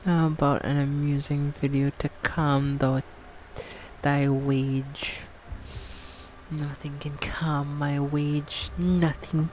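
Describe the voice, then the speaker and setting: Woman playing a grandly wrathful fennec demon, mock-archaic threats, low voice, slow and deliberate, faint noise behind. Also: level tone, a little mellow. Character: wrathful regal female fennec fox demon.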